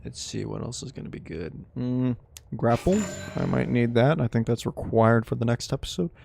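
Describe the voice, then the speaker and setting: A man's voice: mid-range voice, moderate pace, creaky, noisy background. A man casually commentating while streaming a video game, joking, sarcastic and rambling.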